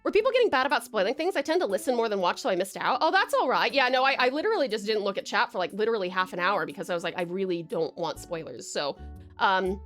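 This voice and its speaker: High bouncy woman streamer chatting w her chat, giggles a lot, lots of ums, faint music underneath. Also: big pitch swings, very fast. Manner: giggly, chatty, warm toward chat, many fillers. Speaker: livestreamer. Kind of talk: casual livestream chat.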